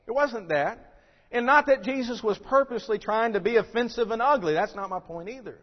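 A man preaching a sermon to his congregation, building to forceful questions and then dropping to a quiet, low voice. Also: lively intonation, fairly quick. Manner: emphatic, rising to loud rhetorical questions then dropping low. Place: church sanctuary. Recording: dull recording with long hall reverb.

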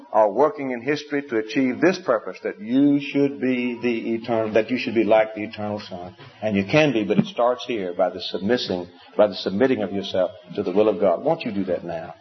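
Impassioned male preacher, dull recording. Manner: impassioned, questioning, sweeping pitch. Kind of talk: sermon.

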